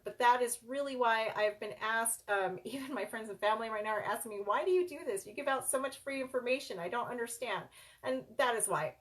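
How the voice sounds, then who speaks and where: Speaking in a mid-range voice, a middle-aged child care business coach and center owner shares a personal story earnestly and directly with her viewers, whom she addresses as "you guys."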